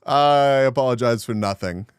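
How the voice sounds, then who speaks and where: A man's voice: mid-range voice, animated, takes it slowly, smooth, no room sound, clean studio sound. A man live-streaming and chatting casually with his viewers, making crude jokes and laughing often.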